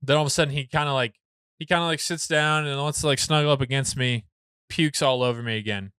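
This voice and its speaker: A man in his thirties, a podcast co-host, telling a rambling, animated story full of fillers and restarts in casual chat. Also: medium pitch, fast, clear, resonant tone, dry recording.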